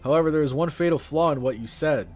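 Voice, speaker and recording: A man voicing a proud, arrogant pharaoh king while reading game dialogue aloud, speaking in a haughty, cold, deliberate way. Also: a little high, faint music behind, close to an everyday voice.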